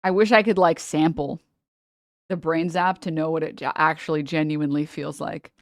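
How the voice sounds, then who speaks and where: Lower-voiced woman streamer, chatty and swearing. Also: normal speed, no room sound. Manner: animated and rambling, laughs often, swears freely. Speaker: livestreamer. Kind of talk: casual stream chat, reading chat messages.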